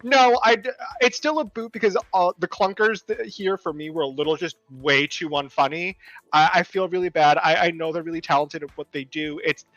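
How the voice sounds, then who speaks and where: A man's voice: fairly high pitch, fairly even intonation, brisk, a bit bright, soft background music. A man co-hosting a podcast, rambling through casual chat with many fillers and restarts. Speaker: podcast co-host. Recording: slightly dull lo-fi mic.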